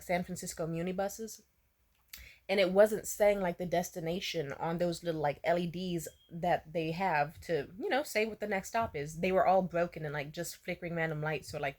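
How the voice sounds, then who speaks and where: A woman vlogger casually telling a story, swearing freely, laughing often and saying "like" a lot. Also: lowish voice. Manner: profane, laughs often, lots of "like".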